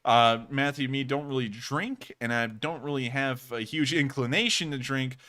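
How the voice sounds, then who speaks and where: Bright-voiced young male stream host. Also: mid-range voice, moderate pace. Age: about 20. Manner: earnest, effusive thanks, frequent restarts. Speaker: livestream host. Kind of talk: live-stream chat reading donations.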